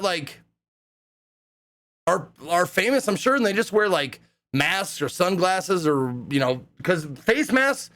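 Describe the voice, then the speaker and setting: A young man casually telling stories to a live chat, rambling and swearing with lots of fillers. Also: high voice. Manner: excitable, profane, rambling with many fillers. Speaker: live streamer.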